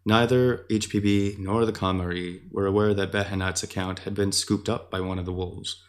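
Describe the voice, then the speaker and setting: A man with a very deep voice narrates a fantasy story. His delivery is measured and descriptive, like scripted storytelling. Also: little pitch movement.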